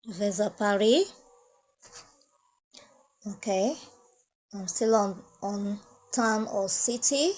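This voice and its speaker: A woman teaching French grammar at a whiteboard, repeating each phrase slowly and explaining step by step. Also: mid-range voice, darkish tone. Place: classroom at a whiteboard. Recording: dull lo-fi sound.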